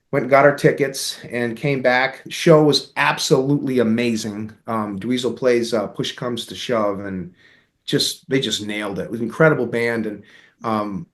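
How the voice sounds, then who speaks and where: A middle-aged American man, an interview guest, telling a long story in a relaxed, rambling way, with many fillers and quoted dialogue. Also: mid-range voice.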